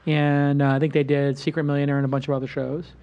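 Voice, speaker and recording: A man hosting a casual roundtable show, his voice sitting high for a man. He tells stories boastfully and with animation, acting out the lines of the people he met. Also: fast, muffled recording. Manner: boastful, animated storytelling with acted-out quotes. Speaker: podcast host.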